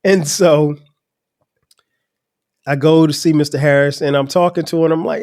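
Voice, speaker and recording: A relaxed podcast host tells a story from his own life. His voice sits a little higher than most men's, and he laughs at himself often. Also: moderate pace. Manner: relaxed, chuckles at his younger self. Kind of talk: personal storytelling.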